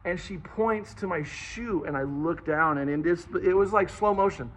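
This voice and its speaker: A man in his forties from Liverpool, England, casually telling a childhood story in an animated, self-mocking way and swearing freely. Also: fairly high pitch, moderate pace, heavy background noise. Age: 40s.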